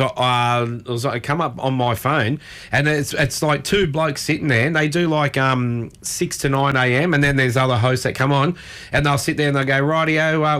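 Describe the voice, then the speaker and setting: A man's voice: medium pitch, a bit bright. A man with an Australian accent hosting a casual radio chat, telling rambling stories full of fillers. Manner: rambling, filler-heavy storytelling. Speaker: radio host.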